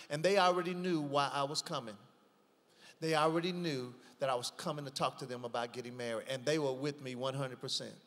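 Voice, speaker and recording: A man with a high voice, a pastor, tells his stories in an animated, preacherly way. His words ring out in a room with a long, lingering reverb. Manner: lively, preacherly, breaks into laughter while telling stories. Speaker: pastor, guest. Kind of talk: animated storytelling in casual conversation.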